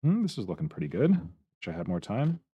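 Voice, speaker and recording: A man's voice: low voice, huge pitch swings, a little fast, warm tone, slightly rough, dry recording, highs cut off. A man streaming his hobby sculpting, talking to himself in short, casual remarks as he works. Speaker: miniature terrain sculptor streaming his work. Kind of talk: casual running commentary while working.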